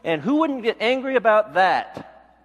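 A man's voice: high voice, big pitch swings, a little slow, in a large hall. A middle-aged male pastor giving a sermon with a candid personal testimony, acting out the voices of people he quotes. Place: church.

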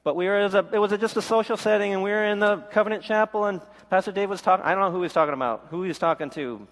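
A man's voice: high-pitched, rapid-fire, a bit bright, in a large hall. A middle-aged male pastor giving a sermon with a candid personal testimony, acting out the voices of people he quotes. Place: church.

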